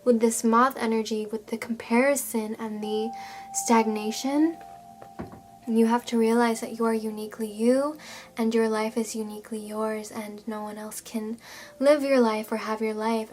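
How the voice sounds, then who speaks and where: A woman reads tarot for her viewers in a gentle, reassuring way. Her voice sits a little high, and she pauses often and fills gaps with soft hesitations. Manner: gentle, reassuring, with frequent fillers. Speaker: tarot reader. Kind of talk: tarot reading monologue.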